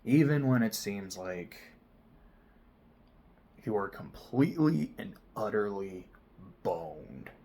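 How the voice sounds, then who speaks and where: Man, vlogger, lively swooping pitch, unhurried delivery, casual swearing. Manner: animated, swings between loud excited bursts and quiet near-whispers; frequent swearing, casual slang. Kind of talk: casual personal storytelling.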